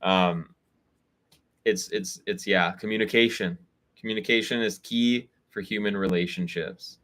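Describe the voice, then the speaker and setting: A man's voice: lowish voice, fairly even intonation, a little slow, a bit bright. Candid man giving advice on a call. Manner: candid, conversational, acts out quoted dialogue. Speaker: spiritual reader and community host. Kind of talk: live online call, casual advice talk. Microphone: video call.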